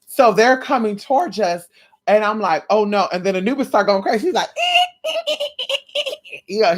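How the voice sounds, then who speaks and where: Her mid-range voice carries a casual late-night vlog recorded at home. Sassy and blunt but playful, she keeps calling her viewers honey and sis.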